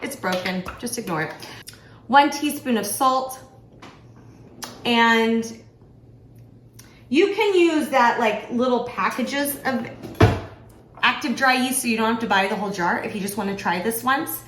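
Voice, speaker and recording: A woman's voice: on the high side, unhurried, long pauses, fairly bright tone, a little hiss or hum. Chatty self-deprecating woman cooking in an echoey kitchen. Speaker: author and home cook. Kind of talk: casual cooking vlog. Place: home kitchen.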